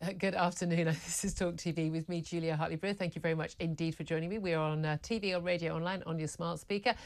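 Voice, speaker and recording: A middle-aged British woman hosting a political talk show in a studio, chatty and quick to laugh. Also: lowish voice, fairly even intonation. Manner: brisk, chatty, laughs easily. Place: TV and radio studio.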